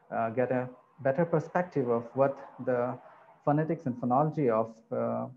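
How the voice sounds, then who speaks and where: A man giving an academic conference presentation, pausing often with fillers. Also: mid-range voice. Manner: halting, frequent filler pauses. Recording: dull lo-fi recording, faint noise.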